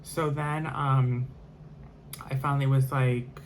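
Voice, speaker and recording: A man's voice: medium pitch, little pitch movement, takes it slowly, a little hiss or hum. Rambling man telling a storytime tale. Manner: rambling, heavy on fillers and restarts. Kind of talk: casual storytime monologue.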